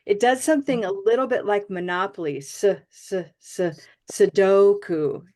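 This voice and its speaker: A woman leads an online pronunciation class, speaking through a video call mic. She praises her students warmly and stretches out vowel sounds so they can copy them. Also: medium pitch, expressive. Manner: encouraging, models vowel sounds slowly. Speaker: pronunciation teacher.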